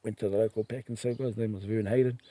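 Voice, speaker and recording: Middle-aged New Zealand man, mellow and animated, spinning yarns on a podcast. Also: lowish voice, racing, no room sound. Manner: animated, acts out quoted voices, laughs while telling. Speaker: podcast guest. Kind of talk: casual storytelling.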